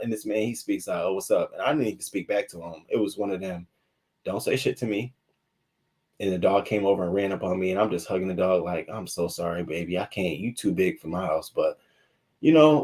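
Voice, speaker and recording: Husky low-voiced man hosting a livestream. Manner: animated and profane, with frequent asides to viewers. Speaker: livestream news commentary host. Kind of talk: casual livestream commentary.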